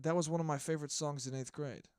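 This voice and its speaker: A man's voice: a little high, steady tone, fast, darkish tone, clean tone, no echo. A young man hosting a casual solo podcast from his apartment, rambling, swearing often and laughing at himself. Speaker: podcast host.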